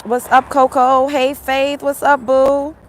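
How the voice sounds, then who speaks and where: A woman's voice: high voice, flat delivery, slow. A woman hosting a casual livestream, chatting with viewers, greeting them by name and giving her opinions. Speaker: host of a livestream talk show.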